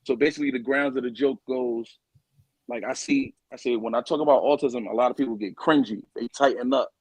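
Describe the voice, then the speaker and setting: A man's voice: medium pitch, a little fast, slightly rough, no room sound, rough recording. A young man in his twenties chats easily as a guest comedian. He tells stories in a laid-back way and slips into quoted back-and-forth. The sound is dry and close, with no room around it. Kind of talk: casual podcast chat.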